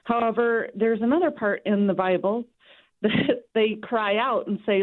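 A woman's voice: fairly high pitch, measured pace. Giggly woman caller on a phone line. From northern US. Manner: warm, giggly, hesitant.

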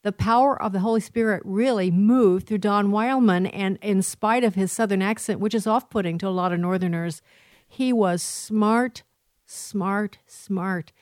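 A woman's voice: medium pitch, a little fast, few pauses, a little mellow, no room sound. A woman hosting a radio talk show, speaking emphatically and admiringly. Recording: dry studio with faint music.

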